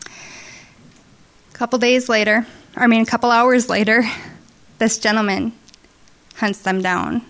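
A woman's voice: fairly high pitch, little pitch movement, slow pace, long pauses. A middle-aged woman telling an earnest, emotional testimony story to a congregation at a church service. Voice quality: earnest, emotional, with restarts and soft asides.

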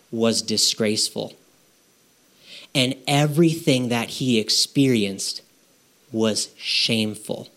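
A man preaching a sermon to his congregation in a conversational way, asking rhetorical questions and checking in with "okay?". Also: mid-range voice. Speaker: pastor. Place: church.

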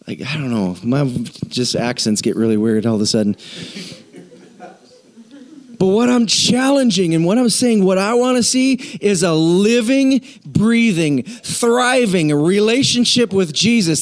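A man's voice: high voice, very animated, unhurried. A male pastor preaching an earnest, conversational sermon with emphatic build-ups.

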